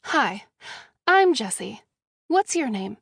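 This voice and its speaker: A woman voicing a friendly, brisk young woman who is a fellow captive, as audiobook dialogue. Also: on the high side, very animated, vocal fry, a bit bright, slightly rough, no echo, studio quality, full character voice. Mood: chatty.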